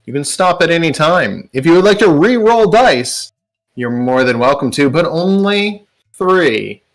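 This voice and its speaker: A man voicing a calm, shady male card dealer who speaks smoothly and courteously. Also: on the high side, a little slow, pitched above the performer's own voice.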